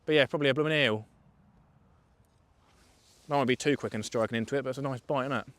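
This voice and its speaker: Casually chatting on a livestream while fishing from a riverbank outdoors, a young man from England jokes and replies to his viewers' questions. His voice is medium pitch and fairly bright, he talks fast, and there's no echo.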